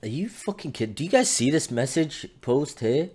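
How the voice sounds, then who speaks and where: Animated swearing male streamer. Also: a little high, moderate pace, husky. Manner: animated, swearing, laughing, storytelling. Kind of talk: casual live-stream chat.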